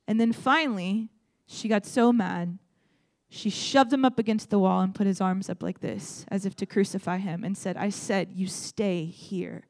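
A woman's voice: medium pitch, moderate pace. A young adult woman preaching a sermon in a conversational, storytelling way, speaking directly to her audience.

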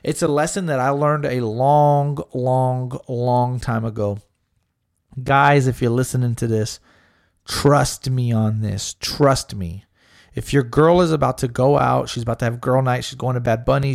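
Gravelly young man, casual podcast chat, rambling, profane, acts out quotes. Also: mid-range voice. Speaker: podcast co-host.

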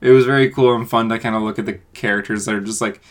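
A man's voice: fairly low pitch, fairly even intonation, fast. A man co-hosting a podcast, chatting casually and laughing lightly while discussing comics. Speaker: podcast co-host. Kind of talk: casual comic book review chat.

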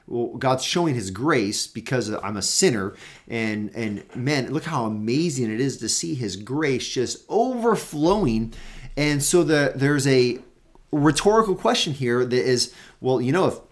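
A man's voice: medium pitch, lively intonation, unhurried. Earnest man teaching Scripture casually. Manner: casual and earnest, with many fillers and restarts; grows emphatic and louder on key points. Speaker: host and Bible teacher. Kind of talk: conversational Bible teaching.

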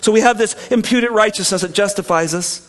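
High-voiced man preaching a sermon. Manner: earnest preaching, swings from soft and slow to loud and emphatic. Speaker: pastor.

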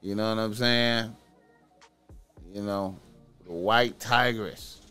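A man's voice: lowish voice, fairly even intonation, takes it slowly, long pauses, pushed and bright, smooth, soft background music. A man streaming reaction commentary, profane and repetitive, stretching key words for emphasis.

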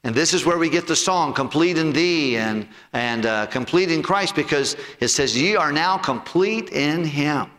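A male pastor preaching a sermon and telling a personal story in earnest, sinking low and soft when he quotes people. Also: lively intonation, moderate pace, few pauses. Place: church sanctuary. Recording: long hall reverb.

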